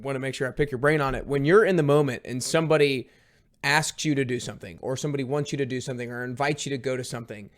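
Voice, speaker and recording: A man's voice: mid-range voice, steady tone, rapid-fire. A man hosting a podcast, asking long, hesitant questions in a casual interview. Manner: rambling, hesitant questions with restarts. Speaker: podcast host.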